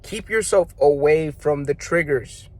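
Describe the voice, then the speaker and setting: A man's voice: fairly high pitch, unhurried, a little mellow, dry recording. A young man telling a story and giving blunt, profane, slang-heavy self-improvement advice. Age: young adult. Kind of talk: casual advice monologue.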